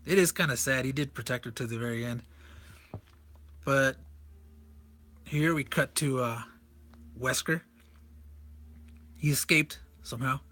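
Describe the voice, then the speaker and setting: A man's voice: mid-range voice, a little slow, pauses often, bright, forceful tone. A man casually walking through a comic, enthusiastic and rambling, often correcting himself. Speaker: comic reviewer.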